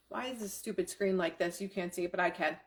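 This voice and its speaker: Enthusiastic woman coaching affirmations. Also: medium pitch. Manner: enthusiastic, swears casually, repeats affirmations. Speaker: self-help coach. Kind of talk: live coaching talk.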